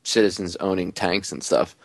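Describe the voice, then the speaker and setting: A man's voice: low voice, steady tone, moderate pace, gravelly, no echo, studio quality. Casual slangy male radio host. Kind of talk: radio talk show discussion.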